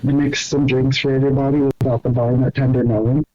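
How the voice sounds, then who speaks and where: A man's voice: medium pitch, little pitch movement, a little fast, warm tone, dull audio. A man playing a tabletop game in a playful manner. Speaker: player.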